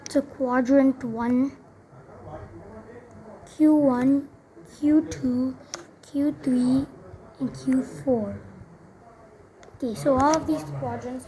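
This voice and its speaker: A woman's voice: high voice, slow pace, pauses often, mellow. Chatty young woman explaining math. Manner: chatty, self-interrupting, many fillers. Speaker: math tutor. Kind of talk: casual explaining while writing.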